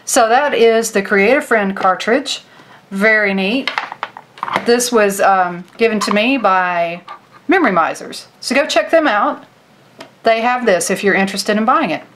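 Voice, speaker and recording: A woman's voice: medium pitch, fairly bright tone, a little hiss or hum. A woman vlogger chatting casually to her viewers as she pages through a craft booklet, gushing over each picture. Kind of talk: casual product walkthrough.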